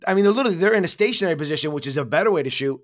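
A man in a casual film podcast chat, animated, laughing often and swearing casually. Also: fairly high pitch, rapid-fire, dry recording, studio quality.

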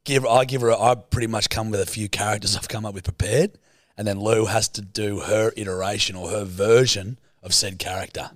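A man's voice: on the low side, steady tone, a little fast, no echo, studio quality. A laid-back man, hosting a casual podcast and swearing freely. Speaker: podcast host.

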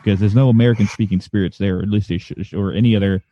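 A man with a lowish, mellow voice, hosting a casual interview and stumbling through restarts as he talks. His audio sounds dull and dry, like a modest home setup. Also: steady tone, dry recording. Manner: halting, with restarts and fillers. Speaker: podcast host and paranormal investigator.

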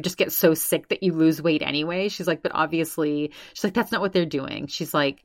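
A woman's voice: deep voice, moderate pace, hardly any pauses, dry recording, studio quality. A woman podcast host casually recapping another show, constantly quoting with "she's like". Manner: retells others' words with constant "she's like".

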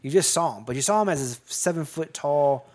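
A man's voice: a little high, expressive, brisk, a little mellow. A man casually retelling a movie plot in a rambling, profane style, full of restarts and asides. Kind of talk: casual movie recap chat.

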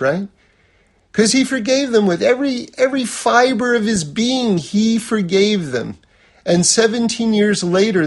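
Male religious teacher, high husky voice, relaxed conversational lecturing with everyday examples.

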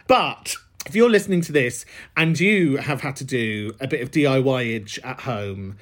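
A man's voice: medium pitch, animated, normal speed. A man with a London accent hosting a podcast, responding to a caller in a camp, laughing, sweary way. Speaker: podcast host. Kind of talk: casual podcast chat.

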